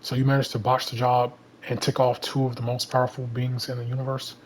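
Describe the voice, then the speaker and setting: A sharp-tongued Southern superhero woman, read aloud by a man in a casual comic read-through. She comes across in a flat, steady Southern drawl at an even mid pitch, nearly his own plain reading voice. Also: fairly quick, a little hiss or hum, natural voice, low-quality recording. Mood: scolding. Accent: Southern American.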